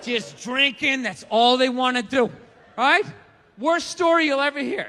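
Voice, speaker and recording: Loud, profane, ranting stand-up comic. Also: male voice, extremely high pitch, measured pace. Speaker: stand-up comedian. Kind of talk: stand-up comedy rant. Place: large theater. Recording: live theater reverb, crowd noise.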